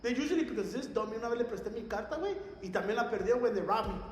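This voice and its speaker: A man's voice: extremely high pitch, very fast, slight background noise. A young man, telling stories on a casual podcast in a profane mix of English and slang. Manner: animated storyteller mixing English and Spanish slang, profane. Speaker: podcast co-host. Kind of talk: casual chat. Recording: echoey room, long reverb.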